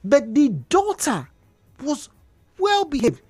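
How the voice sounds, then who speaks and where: Her voice sitting high, a Nigerian woman hosting a radio call-in talk show takes her time, speaking slowly. She tells stories animatedly, repeating things for emphasis. The studio-microphone recording from the radio studio is dry.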